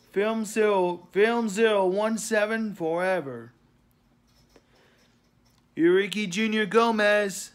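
A sleepy, yawning man giving a casual spoken announcement to his channel, halting with fillers and trailing off quietly. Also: high-pitched. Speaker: channel host.

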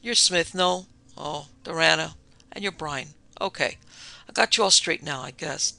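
A woman reading the part of a weary, detached male police lieutenant who speaks loudly and brusquely. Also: deep voice, unhurried, creaky, no room sound, exaggerated voice.

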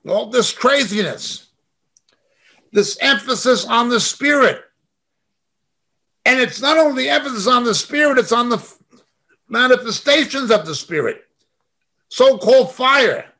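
A man's voice: very high voice, expressive, measured pace, long pauses, pushed and bright. A middle-aged man teaching a Bible study over a video call. He reads scripture verses aloud and follows them with emphatic comments.

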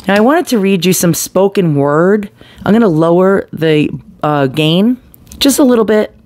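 An expressive, medium-pitched voice with a darkish tone comes through at normal speed. The speaker, reviewing products at home near household appliances, does a casual, blunt, chatty demo of a desktop USB condenser mic at shifting distances, swearing casually along the way.

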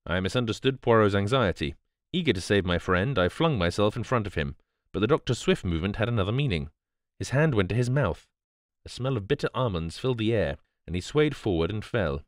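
Guy narrating a bedtime audiobook, low voice with lots of lift and fall, dry close sound. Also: animated, brisk, no room sound. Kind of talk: first-person audiobook narration.

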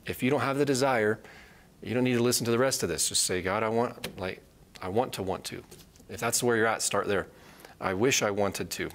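A man's voice: fairly low pitch, a little fast. A man teaching a live Bible study, earnest and repeating key phrases for emphasis.

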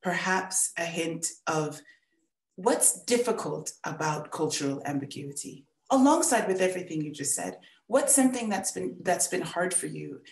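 A woman teacher gives a student gentle feedback on her storytelling, encouraging and full of restarts. Her voice sits fairly low. The room around her echoes. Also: animated, normal speed, gravelly. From born in England, raised in the United States. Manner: warm, encouraging, repeats words. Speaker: writing workshop teacher.

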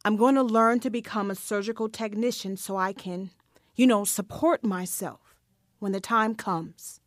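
A woman's voice: medium pitch, fairly even intonation, dry recording, clean studio sound, close to an everyday voice. An actress playing a hesitant, battered mother who apologizes to her daughters in a radio drama. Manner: halting, apologetic.

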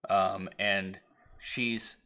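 Low-voiced man rambling through a movie plot. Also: flat delivery, drawn-out words, vocal fry. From Irish heritage (family, not place). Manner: rambling, acts out lines with shouts and whispers. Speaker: podcast co-host. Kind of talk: casual chat retelling a movie.

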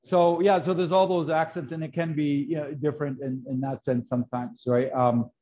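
Man, baking instructor, chatty explainer, fairly high voice, dull lo-fi sound. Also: fairly even intonation, fairly quick. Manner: chatty, explains with many fillers and "right?". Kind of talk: live class demonstration. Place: kitchen classroom. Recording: dull lo-fi video call audio.

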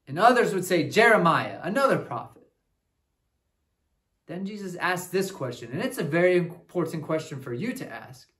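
A man's voice: fairly high pitch, normal speed. A man playing a goofy, upbeat traveling cousin who teaches a children's Bible lesson in character. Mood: cheerful. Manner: animated, talks straight to kids with frequent "right?".

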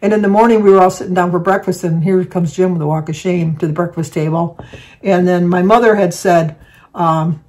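A woman's voice: fairly low pitch, steady tone, fairly quick, a little mellow. An older woman vlogger chatting casually, rambling through a family story with false starts and asides. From Michigan, United States.

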